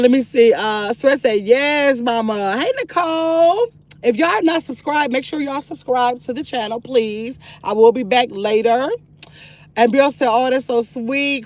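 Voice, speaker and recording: Chatty older woman livestreaming from a car. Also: a little high. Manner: chatty and excitable, swinging from sweet to sassy. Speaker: livestream host reading chat. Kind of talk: casual livestream chat. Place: parked car. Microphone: phone.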